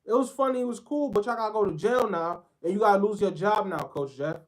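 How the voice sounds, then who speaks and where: A man's voice: high voice, quick pace. A man giving a heated sports commentary rant, talking bluntly in profane slang.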